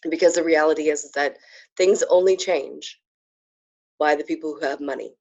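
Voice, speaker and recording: A woman spiritual coach hosting a live program, talking casually and effusively to viewers, with frequent fillers and excited whoops. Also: low-pitched, normal speed, highs cut off.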